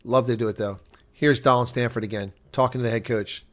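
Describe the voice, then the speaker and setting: A man's voice: mid-range voice, fairly even intonation, a little fast, noisy background. A tired man hosting live play-by-play reaction commentary on a rugby match, chatting to his viewers between calls.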